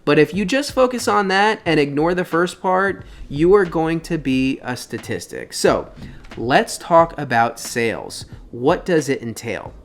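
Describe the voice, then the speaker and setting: A man's voice: fairly high pitch, very animated, a little slow. A middle-aged man speaking straight to camera, giving blunt career advice in an emphatic, lecturing way, asking rhetorical questions and stressing key points. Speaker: real estate team leader. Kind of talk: direct-to-camera advice talk.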